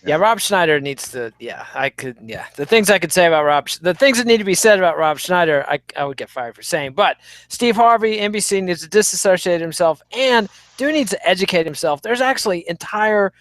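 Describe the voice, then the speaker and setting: A man's voice: sits high, expressive, brisk, hardly any pauses, fairly bright tone, dry recording. Wry opinionated podcast man. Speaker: podcast co-host.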